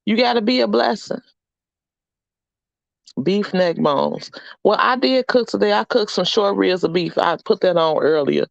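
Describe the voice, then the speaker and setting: A woman's voice: mid-range voice, lively intonation, unhurried, gravelly, pauses often, no room sound, muffled recording. A middle-aged woman hosting a casual livestream chat, upbeat and encouraging as she reads out names from the chat. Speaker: livestream host.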